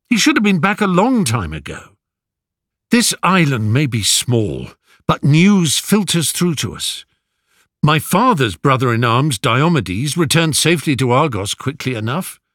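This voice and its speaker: An earnest young prince speaks in a raised, urgent voice that swings between eagerness and gloom, as a male narrator puts him on. The storybook delivery is unhurried despite the emotion, and the sound is dry and close. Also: fairly high pitch, fairly bright tone, no echo, voice pushed up, exaggerated voice.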